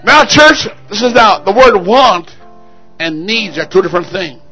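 A man preaching a fiery sermon, his voice very high and piercing. He shouts and rallies the church with call-and-response while soft organ-like music plays faintly behind him. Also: animated, a little slow. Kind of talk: fervent sermon. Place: church service.

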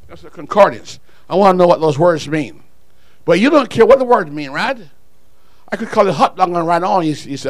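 A man preaching a sermon, swinging from quiet, low asides to shouted calls to the congregation. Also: expressive, brisk, dry recording. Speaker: pastor.

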